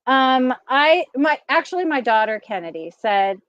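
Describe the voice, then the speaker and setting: Middle-aged woman host, high, chatty voice, laughs a lot, dry slightly dull recording. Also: moderate pace, no echo. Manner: animated, laughs often. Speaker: vlogger host. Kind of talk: casual chatty storytelling.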